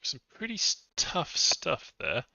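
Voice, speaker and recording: A man's voice: fairly high pitch, huge pitch swings, slow, vocal fry, pushed and bright, no room sound. A man casually commentating his own game-testing stream, chatty and self-mocking, with muttered asides. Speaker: game modder streaming a test session. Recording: dull, slightly lo-fi dry mic.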